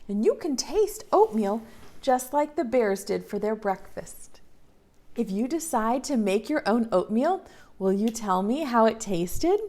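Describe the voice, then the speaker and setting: Slow, sing-song preschool teacher woman. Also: on the high side, darkish tone. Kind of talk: reading a story to young children.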